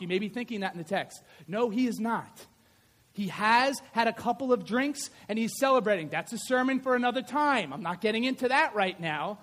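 High-voiced animated male preacher. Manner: animated storytelling, acts out scenes. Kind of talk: sermon.

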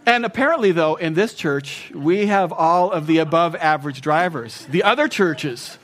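A man's voice: on the high side, expressive, moderate pace, fairly bright tone. A man preaching a conversational sermon in church, chatty and self-mocking, teasing his congregation. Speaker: pastor. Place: church sanctuary.

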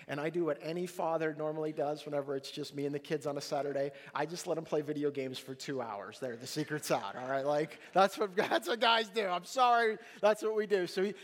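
A pastor with a notably high voice preaches a sermon from the stage. He tells a family story in an animated, jokey way and acts out every exchange. His voice rings with the long reverb of a large hall. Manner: animated, jokey storytelling with lively acted-out dialogue.

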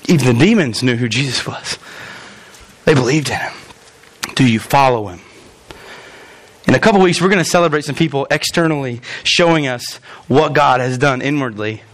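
A man's voice: moderate pace, pauses often. A man preaching a sermon as a pastor and closing in prayer, speaking straight to his congregation in an earnest, direct way. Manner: earnest, direct address to the congregation, voice climbing high when emphatic. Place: church.

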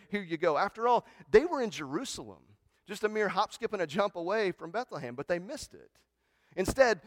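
Man, pastor, sermon, higher voice, dry close sound, conversational, restarts words, hushed to excited. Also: no echo. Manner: conversational preaching, frequent "right?", repeats words when he starts a sentence.

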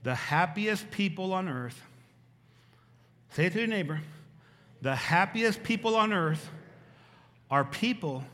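A middle-aged man preaching a sermon as pastor, animated and repeating his points for emphasis. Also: high-pitched, unhurried, long pauses. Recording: long hall reverb.

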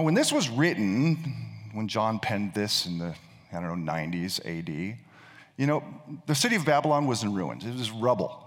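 A male pastor preaching a sermon, telling a story and often repeating words as he thinks. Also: medium pitch. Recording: long reverb of a large hall.

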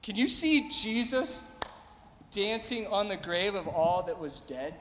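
A man's voice: high voice, expressive, measured pace, a bit bright, big-room sound, slight background noise. A man preaching a sermon as pastor, emphatic and repeating his phrases, calling out to the congregation.

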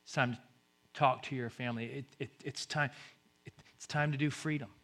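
Bright-voiced preaching man, loud then hushed. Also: medium pitch, fairly even intonation, brisk. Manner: swings from loud exhortation to hushed near-whisper; repeats short urgent phrases. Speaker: pastor. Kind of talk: sermon.

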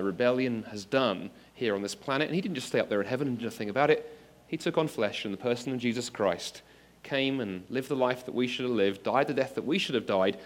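A man giving an earnest apologetics talk to an audience, addressing listeners directly with examples and rising to emphatic exclamations. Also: medium pitch. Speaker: preacher. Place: speaking to an audience of students.

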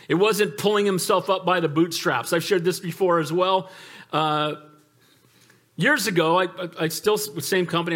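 A man's voice: sits high, a bit bright. A man, a pastor, preaching a sermon in a conversational, emphatic way, joking with the congregation and calling out for amens.

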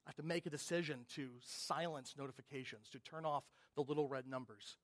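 A man preaching a sermon as a pastor, earnest, moving from loud emphasis to quiet intensity. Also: high voice.

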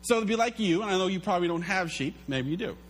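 A man preaching a sermon as pastor, telling stories in an animated way and acting out the quotes. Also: high voice, fast talker, a little hiss or hum. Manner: animated storytelling, acts out quotes.

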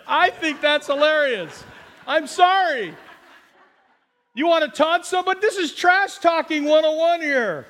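High-voiced preacher in a reverberant hall. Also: male voice, unhurried. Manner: animated storytelling, jokey asides and acted-out quotes. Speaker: pastor. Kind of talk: sermon.

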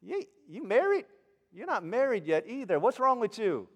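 A man voicing a proud, indignant older woman who scolds in a shrill, sassy voice. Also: sing-song, normal speed, slightly rough, big-room sound, exaggerated voice.

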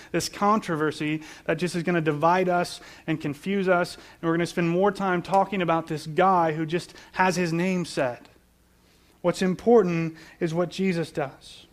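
Earnest male preacher with a somewhat high voice, repeating words as he explains scripture. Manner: earnest, repeats words while building points. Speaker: pastor. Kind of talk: sermon.

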